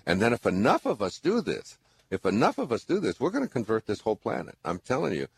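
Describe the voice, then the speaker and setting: An older man hosts a radio call-in show, giving spiritual advice in an earnest, rambling way with many restarts. His mid-range voice is gravelly and husky, moves fast, and swoops wildly in pitch.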